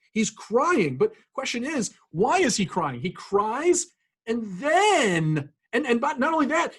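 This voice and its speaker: A rabbi giving an earnest, reflective sermon, pausing often with fillers and restarts. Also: male voice, very high-pitched, husky. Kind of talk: sermon with scripture reading.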